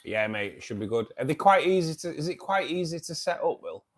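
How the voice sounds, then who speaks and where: The aquarium channel host sounds very animated here, with a voice a little high and a fairly quick pace. Chatting casually with his livestream viewers, he hesitates, restarts, says um a lot, and calls them mate and buddy in a friendly way.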